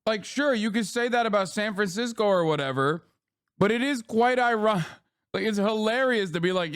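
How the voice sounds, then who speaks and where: A man's voice: sits high, animated, moderate pace, a bit bright, clear, resonant tone, no echo, studio quality. A man giving casual, profane commentary on news clips, incredulous and sarcastic as he reacts. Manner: incredulous, sarcastic, swears often.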